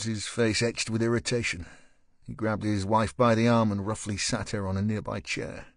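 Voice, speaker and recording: A male narrator reading a crime thriller audiobook in a measured, even manner. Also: lowish voice, no echo, studio quality. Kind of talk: scripted narration.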